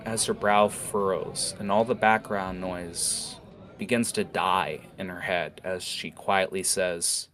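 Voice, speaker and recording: A man narrating a fantasy tavern scene in a relaxed way, with fillers. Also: on the low side, measured pace. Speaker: storyteller.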